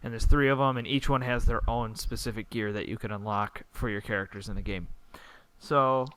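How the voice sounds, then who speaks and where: A man's voice: lowish voice, steady tone, brisk, a bit bright, clear, resonant tone, no room sound. A young man co-hosting a casual gaming podcast on a group call, talking enthusiastically and emphatically, rambling a bit. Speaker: podcast co-host.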